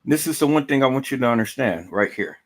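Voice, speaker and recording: A man's voice: mid-range voice, animated, quick pace. A man hosting a livestream, talking emphatically and repeating himself as he calls out to his viewers, with plenty of profanity. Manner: emphatic, repetitive, profane, keeps calling out to viewers. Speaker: livestream host. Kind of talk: livestream commentary.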